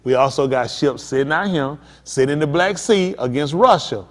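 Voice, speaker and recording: Man, pastor, emphatic sermon, fairly high voice, echoing church hall. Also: animated, moderate pace. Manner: emphatic, talks straight to the congregation. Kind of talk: preaching sermon. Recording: long hall reverb.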